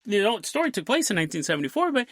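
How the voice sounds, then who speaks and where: A man's voice: sits high, sing-song, a bit bright, no echo, clean studio sound. A man hosting a podcast, telling a strange story in a casual way with frequent laughs and jokey asides. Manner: laughs often, jokey asides, voices quick characters. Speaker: podcast host.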